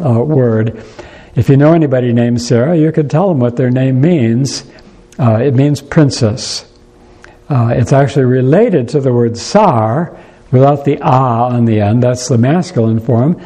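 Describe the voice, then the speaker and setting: A man preaches a sermon in a church with a warm, mellow voice at an ordinary pitch. He talks in an unhurried, thoughtful way. He often pauses and restarts his sentences as he works through a point. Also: low-quality recording.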